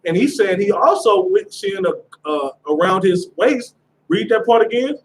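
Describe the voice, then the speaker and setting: High-voiced man teaching scripture class. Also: expressive, measured pace, slight background noise, poor audio. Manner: casual, repeats "you understand?".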